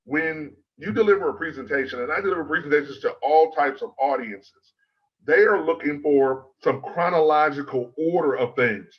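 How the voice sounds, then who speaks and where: Measured, emphatic male presentation coach. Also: on the high side, highs cut off. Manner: measured and emphatic, lists in threes. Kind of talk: prepared presentation.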